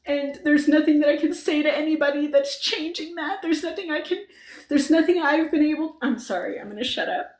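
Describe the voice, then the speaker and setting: A woman's voice: high voice, a little fast, a little mellow, echoey room. A woman in a casual discussion, speaking emotionally and wearily, saying she is tired. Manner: emotional, weary, pleading. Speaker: discussion participant.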